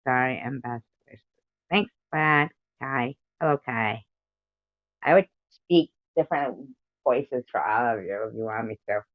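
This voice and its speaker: A woman's voice: a bass voice, a little slow, no room sound. An American woman hosting a casual livestream, rambling and giggly as she reads out viewer comments. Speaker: livestream host. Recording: dull lo-fi stream audio.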